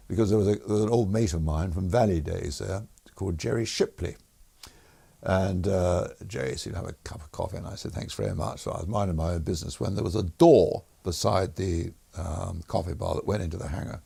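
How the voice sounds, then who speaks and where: A deep, gravelly older man recounts his flying days in an easy interview manner. His husky voice is full of fillers, restarts and chuckles. He sounds unhurried and conversational. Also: darkish tone. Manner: chuckles through stories, many fillers and restarts. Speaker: retired air force officer guest. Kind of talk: relaxed anecdotal interview.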